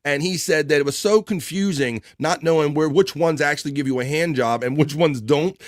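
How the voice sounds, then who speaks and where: A man's voice: fairly high pitch, a little fast, hardly any pauses, no echo, clean studio sound. A man hosting a casual livestream from the US East Coast, reading chat messages aloud and chatting loosely with lots of filler words. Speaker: live stream host reading chat.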